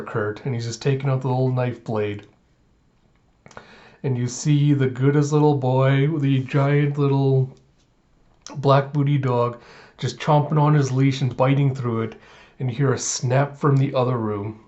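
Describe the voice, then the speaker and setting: A man hosting his own reaction channel, retelling a story in an animated way and laughing often. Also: medium pitch, a little slow, pauses often, lo-fi sound. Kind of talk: casual reaction commentary.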